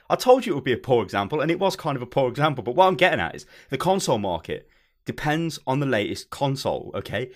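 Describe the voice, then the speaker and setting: A man's voice: mid-range voice, big pitch swings, fast. A man hosting a casual gaming chat show, joking and swearing as he talks. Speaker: host.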